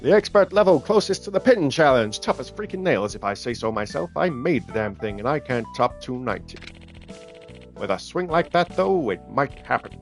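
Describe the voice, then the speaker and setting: A man voicing a brash, smooth-talking middle-aged golf hustler who sizes people up, in a loud, folksy salesman manner. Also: medium pitch, big pitch swings, normal speed, hardly any pauses, soft background music, voice pushed up.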